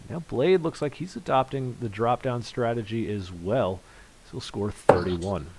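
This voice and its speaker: A man with a mid-range voice takes an unhurried pace while covering an online darts match live, amid heavy noise. He reads scores and viewer messages in a chatty way, and his voice jumps sharply when a big finish lands.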